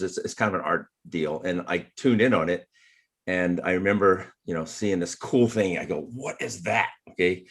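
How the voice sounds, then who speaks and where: A man's voice: deep voice, slightly rough. A man telling chatty personal stories in a casual group conversation, often laughing as he talks. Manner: chatty, laughs through anecdotes. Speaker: photographer and martial artist. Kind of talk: casual storytelling in group chat.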